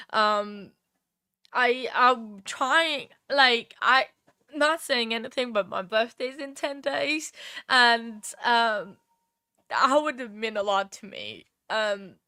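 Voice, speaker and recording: A woman's voice: a little high, animated, slow pace, pushed and bright, no room sound, clean studio sound. A woman hosting a casual livestream chat who is emotional and tearful, laughs often and keeps thanking her viewers. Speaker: livestream host.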